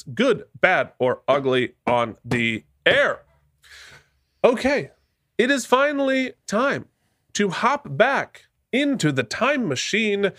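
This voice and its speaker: A man with a high, bright voice co-hosts a casual podcast, swinging his pitch widely as he jokes and laughs. He sounds animated and playful, recorded close and dry. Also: dry recording. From Vermont. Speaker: podcast co-host.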